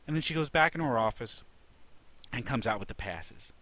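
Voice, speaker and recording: A man hosting a casual podcast, telling an animated story with lots of restarts. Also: mid-range voice, fairly quick, no room sound. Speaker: podcast host.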